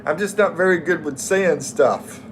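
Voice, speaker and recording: A middle-aged man from the U.S., his voice a little high, hosts a casual livestream with noise in the background. He goes slowly and stays friendly, reading viewer names and comments aloud while chatting.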